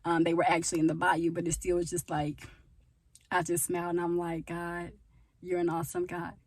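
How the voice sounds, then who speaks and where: Filming herself on a phone outdoors at her parents' home, a woman vlogger shares her faith casually with viewers she calls y'all. Her voice sits on the low side, a little fast, with a completely flat delivery and rambling asides.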